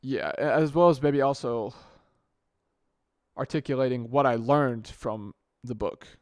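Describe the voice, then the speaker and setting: A young man speaks casually into a good podcast microphone, thinking aloud and correcting himself as he goes. His voice sits at an ordinary middle pitch. The sound is dry, with no room echo. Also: unhurried, a little mellow. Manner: rambling, often restarts and corrects himself mid-sentence. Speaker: podcast host. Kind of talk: casual solo podcast monologue.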